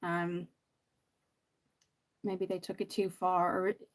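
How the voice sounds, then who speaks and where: A woman's voice: on the low side, flat delivery, slow pace. A woman hosting a makeup livestream, chatting casually and rambling with many ums while reading viewer comments. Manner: chatty, rambling, lots of ums and "you know".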